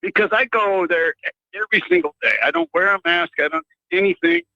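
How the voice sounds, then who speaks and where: A man's voice: sits high, very animated, fairly quick, creaky, bright, forceful tone, no room sound. A man calling in to a radio show, rambling with many fillers and restarts. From United States. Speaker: caller. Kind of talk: rambling call-in rant. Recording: muffled phone line into radio.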